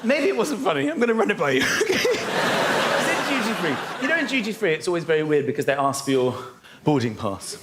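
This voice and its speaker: A man doing stand-up comedy as host, animated, laughing through his lines and acting out little voices. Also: high voice, brisk, very noisy. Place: large theatre with live audience. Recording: echoey venue with loud audience laughter.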